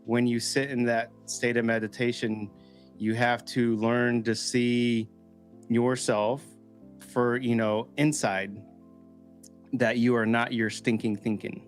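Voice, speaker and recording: A man's voice: slow pace, faint music behind. A man hosting a casual recovery group chat, talking animatedly and acting out inner voices. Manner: animated, acts out inner voices with pitch jumps. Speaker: podcast host.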